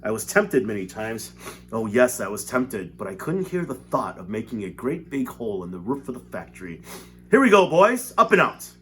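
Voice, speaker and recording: A man's voice: on the low side, expressive, moderate pace, breathy edge. A man voicing an eccentric, cheerful male candy maker, theatrical and gleeful.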